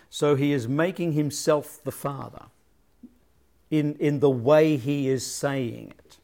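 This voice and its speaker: A man's voice: mid-range voice, a little slow, gravelly, a little mellow. A man leading a casual Bible study, thinking aloud and often repeating words as he searches for his phrasing.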